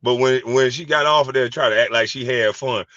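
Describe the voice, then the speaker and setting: A middle-aged man hosting a casual chat, telling animated, profane stories and laughing easily. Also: medium pitch, quick pace, no room sound. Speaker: host. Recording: dry, slightly dull sound.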